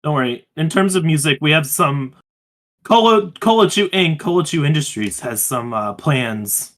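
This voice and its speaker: A man's voice: a little high, lively intonation, normal speed, a bit bright. A man with a somewhat raised voice co-hosts a podcast with eager, hype-driven energy. He strings thoughts together with many fillers and restarts. The audio comes through a voice chat call. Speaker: podcast co-host. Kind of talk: casual chat.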